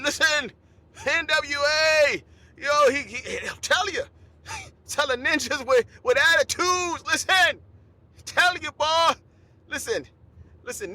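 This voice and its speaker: High, bright-voiced comic man rambling. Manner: rambling, repeats "listen" and "right?". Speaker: comedy podcast host. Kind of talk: stand-up style comedy monologue.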